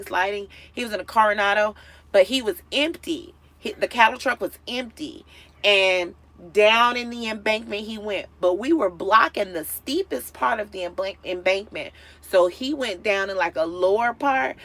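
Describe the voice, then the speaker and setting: A woman vlogger telling a story casually to her viewers, animated and acting out what people said. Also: medium pitch. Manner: animated, acts out quotes with big swings in loudness.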